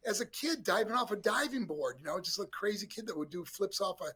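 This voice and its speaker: Older new york guy, husky voice, animated storyteller, loves a laugh. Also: sits high, a little fast. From New York, USA. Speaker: guest, former pro wrestler. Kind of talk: casual storytelling interview.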